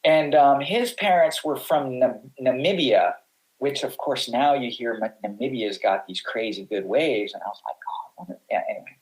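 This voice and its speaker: A man's voice: medium pitch, normal speed, poor audio. A middle-aged man, a guest on a podcast, telling long casual stories with many restarts and acted-out quotes. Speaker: podcast guest, pro surfer. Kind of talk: casual storytelling.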